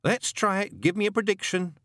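A man's voice: high voice, brisk, fairly bright tone, no room sound, studio quality, voice pushed up. A man doing flustered, hapless Newt. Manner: flustered, wretched, rambling. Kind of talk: audiobook narration.

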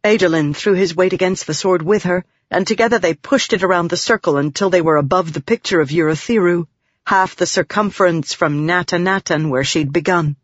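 An audiobook narrator giving an even, measured reading of a fantasy novel, in a dull, dry recording. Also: mid-range voice, no echo.

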